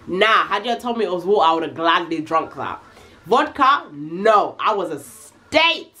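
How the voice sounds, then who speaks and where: A young woman telling a casual, slangy storytime, animated and full of swearing. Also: fairly low pitch, measured pace. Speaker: vlogger.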